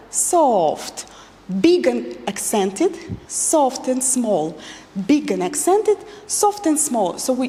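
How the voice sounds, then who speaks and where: High, lively woman teaching dance. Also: in a large hall. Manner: counts beats and repeats cues rhythmically. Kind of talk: dance lesson instruction with counting.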